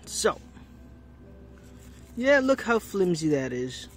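A man's voice: sits high, big pitch swings, takes it slowly. A man with the hiccups doing chatty, easily delighted commentary while opening trading card packs and thinking aloud. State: has the hiccups. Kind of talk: casual unboxing commentary.

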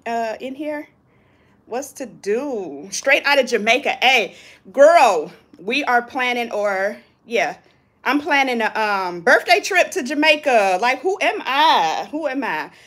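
A woman's voice: on the high side, expressive, measured pace, a bit bright. A woman chatting casually on a live stream from a hotel balcony, greeting viewers and reading their comments. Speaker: vlogger hosting a live stream.

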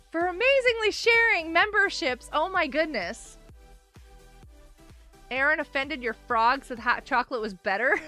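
A woman's voice: extremely high pitch, sharp tone. A woman live streaming and chatting with her viewers in a bubbly, giggly way while nursing a headache. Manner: bubbly, giggly, talks to chat. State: has a headache.

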